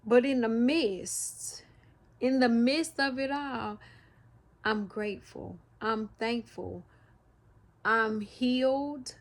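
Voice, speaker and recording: A woman talking through her feelings in a personal vlog, halting and emotional, often restarting her sentences and speaking of her faith. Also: fairly high pitch. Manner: faith-filled, speaks of God. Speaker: vlogger.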